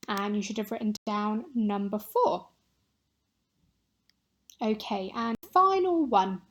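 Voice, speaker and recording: A woman teaching a recorded Spanish lesson, modelling words clearly and patiently for pupils to repeat. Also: medium pitch, slow, pauses often.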